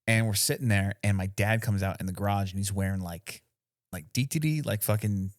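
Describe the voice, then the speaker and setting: A man's voice: on the low side, a little fast, no room sound, studio quality. A man co-hosting a podcast, telling a rambling story in a casual chat, full of fillers and swearing. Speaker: podcast co-host.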